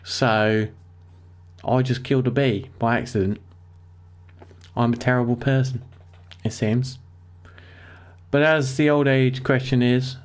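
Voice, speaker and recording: In a mid-range voice, with a slow pace and long pauses, a man livestreams a survival game and offers casual commentary. Excitable by nature, he swears and erupts in panic whenever trouble hits.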